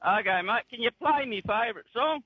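A man's voice: very high-pitched, animated, brisk, breathy edge, no room sound, narrow, tinny audio. Laconic rural Australian man on the phone. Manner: laconic, drawling, says mate a lot. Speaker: caller. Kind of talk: casual radio phone chat.

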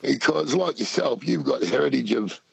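A man's voice: medium pitch, very animated, moderate pace, creaky, husky, dry recording, low-quality recording. A middle-aged Australian man calling into a radio show, chatty and colloquial, calling people mate. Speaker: caller.

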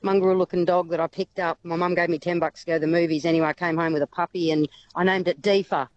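A woman's voice: on the low side, level tone, racing, darkish tone. Woman guest, chatty wildlife carer, lots of ums, slightly muffled lo-fi sound. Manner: chatty, laughs often, many fillers. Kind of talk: radio interview.

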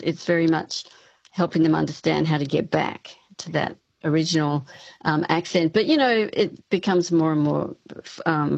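A woman's voice: on the low side, creaky, darkish tone, no echo. Woman, academic guest, explanatory, restarts often; slightly muffled, dry sound. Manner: explanatory, with frequent ums and restarts. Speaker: speech pathology professor, interview guest. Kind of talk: radio interview, expert explaining.

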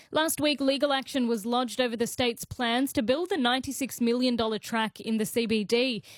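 A woman reading a radio news bulletin in a measured, formal way. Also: on the high side, no room sound. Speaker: newsreader.

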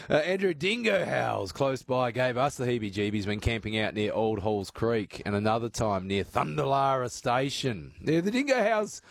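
A man hosting a casual radio talkback show, chatty and relaxed, with lots of "uh" fillers. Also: mid-range voice, moderate pace, gravelly, few pauses. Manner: relaxed, chatty, frequent "uh" fillers, laughs easily.

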